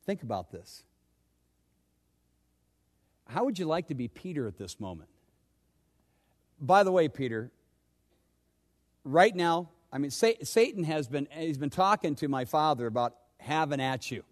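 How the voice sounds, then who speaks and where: A male pastor preaching a sermon, swinging between loud urgent questions and hushed, low asides. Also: expressive, measured pace, pauses often.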